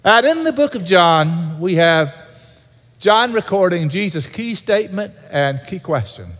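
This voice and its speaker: A pastor delivering an earnest sermon in a church, repeating key points for emphasis. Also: male voice, high-pitched, lively intonation, measured pace, fairly bright tone. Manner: earnest preaching with repetition. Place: church sanctuary. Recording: reverberant hall.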